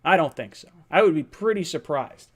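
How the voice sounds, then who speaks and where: A young man hosting a sports fan livestream, talking fast and excitedly, thinking out loud with restarts and reading out viewer messages. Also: a little high. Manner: fast, excitable, thinks aloud with restarts, reads super chats.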